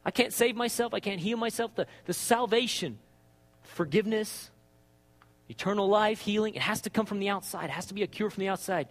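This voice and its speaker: A man preaching a sermon with passion, dropping to hushed tones and rising to shouts. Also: sits high, a little fast. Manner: impassioned, swings between hushed and shouting. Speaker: pastor.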